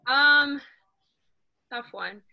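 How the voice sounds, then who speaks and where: A woman's voice: sits high, extremely slow, creaky, muffled recording. A young woman student athlete being interviewed, upbeat, answering with many ums. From Northern Virginia. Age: young adult.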